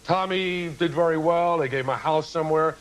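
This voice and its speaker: A man's voice: on the high side, fairly quick, rough recording. A man giving an impassioned, lecturing speech as a guest on a television talk show, full of rhetorical questions. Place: TV studio with audience.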